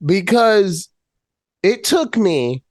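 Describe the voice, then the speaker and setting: Animated woman podcast host, lively swings. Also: medium pitch, drawn-out words. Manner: animated, swears freely, acts out her own reactions in quoted voices. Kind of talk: casual chat.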